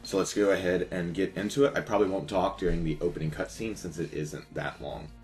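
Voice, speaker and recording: A man's voice: deep voice, steady tone, fast talker, a little mellow. A man giving casual, profane, joking let's-play commentary over a video game. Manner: laid-back, profane, joking. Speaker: gaming YouTuber. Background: game music.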